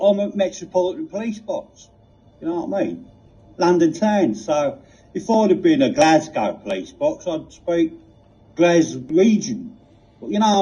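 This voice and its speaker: A man's voice: fairly high pitch, mellow, close to an everyday voice. A man voicing a bored, laid-back male talking police box with a Cockney accent, rambling and padding his talk with "you know what I mean". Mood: matter-of-fact. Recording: dull lo-fi recording.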